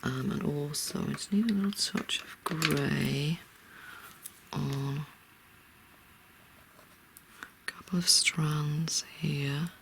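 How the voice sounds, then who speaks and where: An art tutor talking through a real-time drawing tutorial in a soft, often half-whispered, reassuring way. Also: medium pitch, takes it slowly, gravelly, long pauses, slight background noise.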